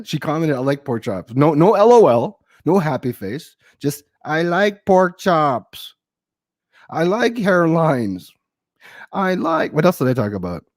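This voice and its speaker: A man's voice: medium pitch, darkish tone, no echo, clean studio sound. A middle-aged man doing a loose, crude stand-up set over a video call, riffing on comments typed by his audience. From Filipino-American. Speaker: stand-up comedian. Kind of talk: stand-up set on a virtual comedy show.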